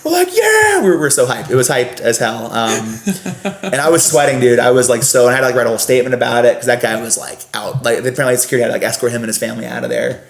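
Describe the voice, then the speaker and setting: A young man, a podcast guest, animatedly telling a story with quick asides and lots of laughter. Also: mid-range voice, creaky. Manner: lively, laughing, fast asides with filler "like". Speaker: podcast guest, former scare actor. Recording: roomy echo.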